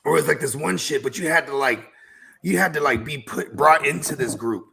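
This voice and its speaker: A man's voice: fairly high pitch, brisk, vocal fry, pushed and bright. A man chatting casually with a friend, laid back, speaking in slang with lots of "you know what I mean.". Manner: laid-back slang, many fillers and restarts. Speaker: guest friend. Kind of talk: casual chat.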